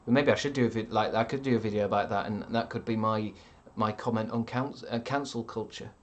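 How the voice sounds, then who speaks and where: A man's voice: fairly low pitch, fairly even intonation, fairly quick. A man streaming live, reading out chat with rambling dry jokes and lots of ums.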